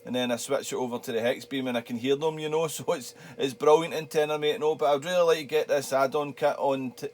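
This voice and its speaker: A man's voice: mid-range voice, slight background noise. A middle-aged man with a Scottish accent, chatting casually and rambling a little as a ham radio operator in his home radio shack. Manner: relaxed, chatty, laughs easily, rambling.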